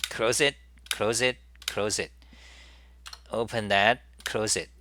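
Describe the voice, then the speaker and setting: A man hosting a live software demo, thinking aloud with halting restarts and repeated words as he works. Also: fairly low pitch, fairly even intonation, slight background noise. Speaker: programming tutorial host.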